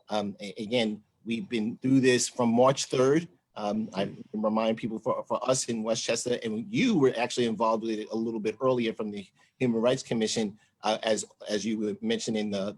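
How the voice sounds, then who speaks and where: Casting: male host with a husky voice, chatty and rambling, low-pitched. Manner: rambling, chatty, many fillers. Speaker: deputy county executive, host. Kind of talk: livestream discussion.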